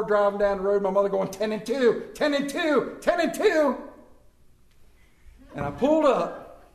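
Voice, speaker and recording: Male preacher, high voice, comic animated storytelling, echoey room. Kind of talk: sermon storytelling.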